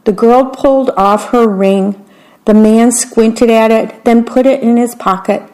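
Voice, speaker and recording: A woman reading a children's story aloud in a gentle voice pitched a little high. She takes her time over each line and slips in small asides along the way. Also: fairly even intonation, measured pace, poor audio.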